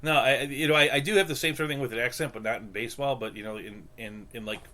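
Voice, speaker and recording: Bright-voiced man, rambling podcast chat. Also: medium pitch. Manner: rambling, halting restarts, deadpan joking. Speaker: podcast co-host. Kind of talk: casual chat.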